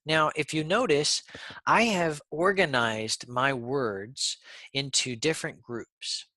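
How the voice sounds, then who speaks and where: A man teaching a pronunciation lesson, speaking deliberately and repeating sounds for learners. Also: fairly high pitch, bright, forceful tone, no room sound.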